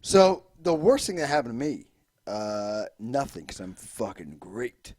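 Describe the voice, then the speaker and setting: A man's voice: mid-range voice, big pitch swings, unhurried, darkish tone. A young man telling blunt, offhand stories from his childhood in casual podcast chat, joking and using fillers. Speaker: podcast co-host.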